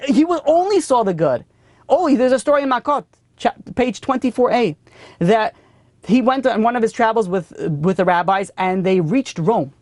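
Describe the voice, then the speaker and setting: A man's voice: high voice, no echo. A man teaching a class as a rabbi, telling stories animatedly and often repeating and restarting his phrases. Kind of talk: storytelling Torah lesson.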